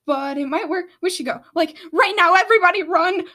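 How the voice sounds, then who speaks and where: Woman doing a young female dragon, urgent, hurried, high voice. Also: pushed and bright.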